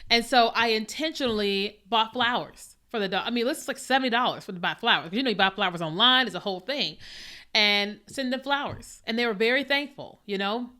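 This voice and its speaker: A woman's voice: medium pitch, bright, forceful tone. A woman podcast host telling personal stories in a casual, conversational faith talk, with lots of fillers and asides.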